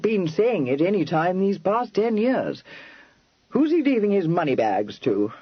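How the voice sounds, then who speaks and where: A man's voice: high voice, very animated, measured pace, husky, no echo, dull audio, voice pushed up, heavily acted. Man doing an easygoing slangy young dandy. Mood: genial. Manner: drawling, clipped slangy phrasing, patient. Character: amiable slangy young Regency gentleman, easygoing and unhurried.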